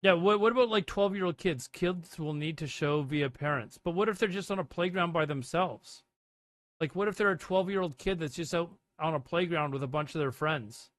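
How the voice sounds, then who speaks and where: A man's voice: a little high, normal speed, fairly bright tone, no echo. A man hosting a livestream, rambling casually and reading chat messages aloud and answering them. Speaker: livestream host. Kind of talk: casual live commentary.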